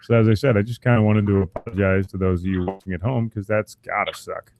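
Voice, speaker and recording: A man's voice: lowish voice, fairly even intonation, fast talker, a little mellow, slight background noise. A man co-hosting a podcast, chatting in a laid-back way and swearing casually. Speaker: podcast co-host running the stream.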